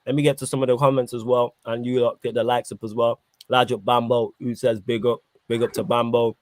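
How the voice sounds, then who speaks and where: Slangy football podcast host. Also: male voice, medium pitch, brisk, dry recording. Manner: animated, slangy, eating while talking. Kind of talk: casual football podcast chat.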